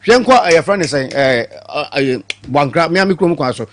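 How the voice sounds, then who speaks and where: A man's voice: fairly high pitch, animated, fairly quick, fairly bright tone. A man with a Ghanaian accent, arguing as a panelist in a heated TV debate, switching between English and Twi and repeating words for emphasis.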